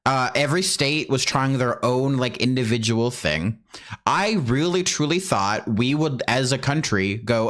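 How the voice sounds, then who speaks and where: A man in relaxed conversation on a stream, talking at a middle pitch. He gets animated and plays out both sides of a debate in quick quoted exchanges. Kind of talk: casual chat.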